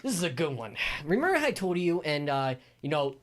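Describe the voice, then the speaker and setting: A man's voice: fairly high pitch, brisk. A young man telling a wild story as an interview guest, acting out the voices of the people in it. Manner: animated storyteller, acts out voices, laughs. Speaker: guest, MMA fighter and announcer.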